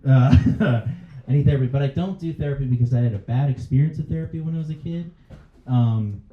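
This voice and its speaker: A male stand-up comedian on a club stage who chats with the crowd and laughs at his own jokes. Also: medium pitch. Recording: dull, roomy live club recording. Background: faint audience laughter.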